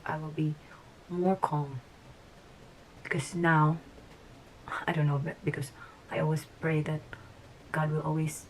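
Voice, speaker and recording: A woman vlogger with a lowish voice talks casually to the camera in a reflective, rambling way. She sometimes drops almost to a whisper mid-sentence. A faint hiss sits behind her voice. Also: darkish tone, low-quality recording. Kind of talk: casual vlog talk to camera.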